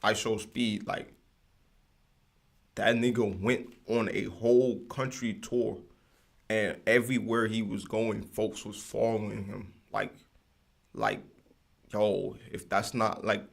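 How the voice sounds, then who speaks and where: Young male podcast host, low gravelly voice, loose slangy solo rant that wanders. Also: steady tone, slow pace. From United States. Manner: loose, slangy, rambling, digresses often. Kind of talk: casual solo ranting.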